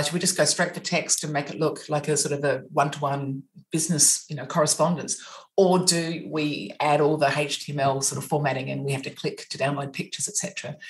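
An Australian woman hosts a relaxed interview with a low voice. She chats freely and laughs easily. Her voice carries a noticeable room echo. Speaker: podcast host. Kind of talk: casual interview. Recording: roomy echo.

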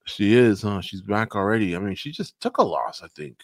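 A man co-hosting a podcast, chatting casually about fights in an animated way and slipping into mock voices. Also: on the low side, moderate pace, no echo, studio quality. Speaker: podcast co-host. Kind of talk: casual MMA recap chat.

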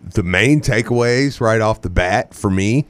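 A man's voice: lowish voice, unhurried. A man co-hosting a casual sports talk show, rambling and correcting himself as he talks, with frequent laughs. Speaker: co-host, former player.

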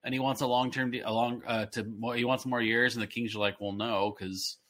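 A man in his thirties co-hosting a podcast, rambling excitedly with many restarts. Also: mid-range voice, fast talker. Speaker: podcast co-host. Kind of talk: casual chat.

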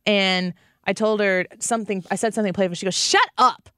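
A woman's voice: mid-range voice, steady tone, quick pace, clear, resonant tone, no room sound, studio quality. A woman in her thirties co-hosting a casual chat show, telling playful stories and laughing often. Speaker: podcast co-host.

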